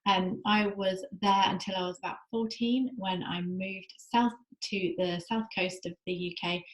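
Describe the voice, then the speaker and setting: A woman's voice: lowish voice, reverberant, low-quality recording. A woman from England hosting a faith podcast, talking in a chatty, enthusiastic and reflective way. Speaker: podcast host. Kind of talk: personal faith podcast monologue. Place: at home in Israel.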